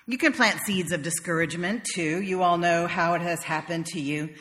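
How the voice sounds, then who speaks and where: A woman's voice: lowish voice, moderate pace, fairly bright tone, long reverb tail. A woman minister from the South, preaching a sermon in a wry, conversational storytelling manner. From American South.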